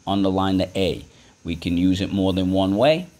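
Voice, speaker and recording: A man's voice: low voice, normal speed, a little mellow. A male teacher giving a patient vocabulary lesson for children, spelling words out and asking the class to repeat them.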